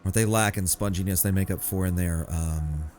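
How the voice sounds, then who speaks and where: Wry low-voiced man commenting on gameplay. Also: moderate pace, darkish tone, faint music behind. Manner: wry, joking asides while playing. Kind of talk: casual let's-play commentary.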